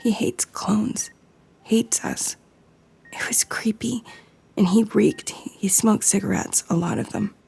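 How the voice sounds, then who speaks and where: A woman voicing an ill, feverish teenage girl with a hoarse, hushed, breathy voice. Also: mid-range voice, fairly even intonation, unhurried. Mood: frightened, weak.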